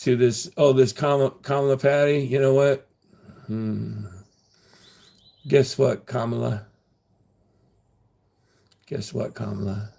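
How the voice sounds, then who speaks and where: A man's voice: mid-range voice, level tone, slow, gravelly, pauses often, warm tone. A man livestreaming and answering his chat, rambling with many fillers and restarts, taunting viewers with profanity and laughing at them.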